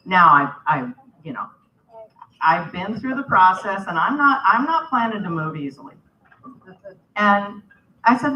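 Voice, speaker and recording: Lively woman telling a story in a hall. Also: medium pitch, normal speed. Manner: animated, acts out the other people's lines. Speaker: banquet speaker. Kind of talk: humorous storytelling speech. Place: convention banquet hall. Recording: roomy, distant, slightly dull hall recording.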